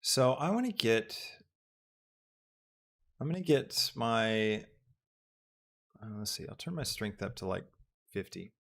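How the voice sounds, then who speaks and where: A young man hosting a live software tutorial, thinking aloud as he works with lots of ums. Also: lowish voice, very animated, takes it slowly, creaky, pauses often. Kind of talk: live-streamed casual tutorial.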